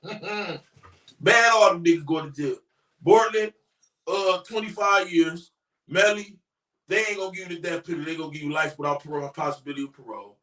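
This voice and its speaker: A man giving a brash, profane commentary on a crime story on his YouTube channel, often shouting. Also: on the high side, steady tone, fairly quick, recorded from a distance. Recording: roomy echo, voice away from mic.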